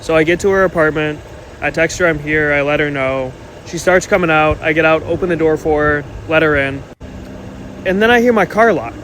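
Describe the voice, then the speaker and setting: A man's voice: fairly high pitch, fairly quick, poor audio. Indignant man telling a dating story. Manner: animated, indignant retelling. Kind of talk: casual storytelling to camera. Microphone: phone camera. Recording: faint background noise.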